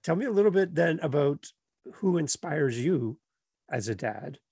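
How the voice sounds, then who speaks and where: A man's voice: fairly high pitch, moderate pace, creaky, breathy edge, dry recording. A middle-aged man hosting a casual interview, telling stories with lots of animation and acting out children's voices. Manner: animated storyteller who acts out children's voices. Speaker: podcast host.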